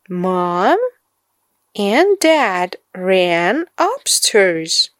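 A woman reading a children's storybook aloud, expressive and hushed at suspenseful moments. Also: mid-range voice, no room sound, studio quality. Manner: slow, expressive read-aloud delivery, dropping to a hush for suspense. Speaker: narrator.

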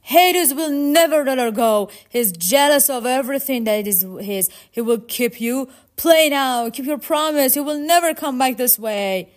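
A woman voicing a grim, bony old male ferryman of the dead, who speaks in a loud, curt way. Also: medium pitch, steady tone, unhurried, hardly any pauses, natural voice. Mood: shouting.

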